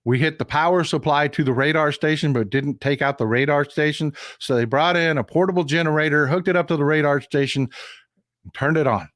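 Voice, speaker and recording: A man's voice: a little high, moderate pace, a bit bright, no room sound. Folksy man, dry close sound. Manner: folksy, repetitive, addresses chat directly. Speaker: political livestream host. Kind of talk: casual news commentary livestream.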